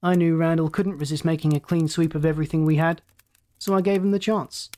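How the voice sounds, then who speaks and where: A narrator voicing a confident male mining ship officer, brisk and triumphant, in an audiobook reading. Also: mid-range voice, fairly even intonation, a little mellow, lightly acted.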